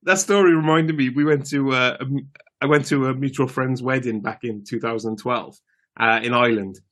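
A man's voice: mid-range voice, moderate pace, a bit bright. Rambling man telling a pub story. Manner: rambling storyteller, many fillers. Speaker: podcast co-host. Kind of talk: casual chat.

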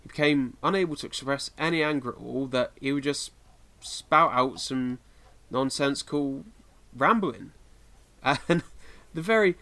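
A man's voice: medium pitch, measured pace, pushed and bright. A man from the United Kingdom co-hosting a podcast in casual chat, rambling with lots of fillers and laughing often. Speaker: podcast co-host.

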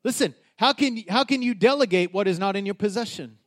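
A man preaching a sermon with passion, repeating himself, rising from quiet talk to loud declarations. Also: high voice, a little fast. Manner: passionate, building to loud declarations with frequent restarts. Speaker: pastor.

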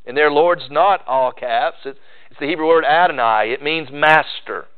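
A man preaching a sermon in an earnest, measured way, slowing down for emphasis. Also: on the high side. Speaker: pastor. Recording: tinny phone-like sound.

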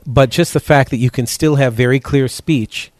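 A man's voice: mid-range voice, normal speed, darkish tone, no echo. A man hosting a health talk show, chatting casually and rambling, with many fillers.

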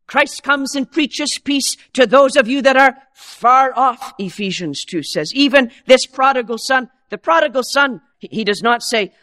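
High-voiced bright-toned male preacher. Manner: earnest, dramatic, swings between soft low asides and raised quoted voices. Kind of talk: sermon.

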